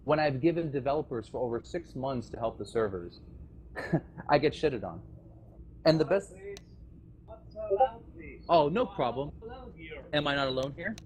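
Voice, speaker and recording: A man's voice: mid-range voice, animated, unhurried, pauses often, a little hiss or hum. A man giving an impassioned, rambling voice-chat speech to players about the game server community he left, full of restarts and nervous laughs. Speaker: former game server staff member addressing players. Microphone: voice chat microphone.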